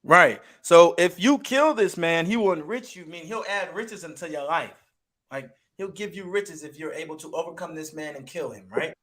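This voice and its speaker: A man explains Bible verses in an emphatic, animated, slangy way. His voice sits high and bright, with a forceful edge. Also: moderate pace. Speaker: Bible teacher. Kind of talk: street preaching commentary.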